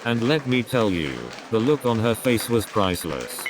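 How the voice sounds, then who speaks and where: A man's voice: medium pitch, lively intonation, moderate pace. A man doing a stand-up comedy routine, rambling through setups and repeating his catchphrases. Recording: crowd noise behind the voice.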